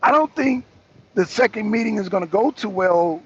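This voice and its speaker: A man's voice: high-pitched, lively intonation, normal speed, gravelly, slightly rough, highs cut off. A man co-hosting a political talk show, rambling casually in slang and talking straight to his viewers. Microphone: struggling with a faulty mic on a live stream. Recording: noisy live stream with a bad mic.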